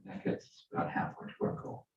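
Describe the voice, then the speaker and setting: A man's voice: quick pace, darkish tone, dull audio, a little hiss or hum. A man on a redistricting commission directing a mapping session, with dry sarcastic asides, recorded in a roomy meeting room from a distance. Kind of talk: working meeting discussion.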